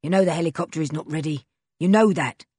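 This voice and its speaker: A woman's voice: deep voice, quick pace, husky, dry recording, studio quality. A woman voicing a sullen burly henchman. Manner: sullen, flat.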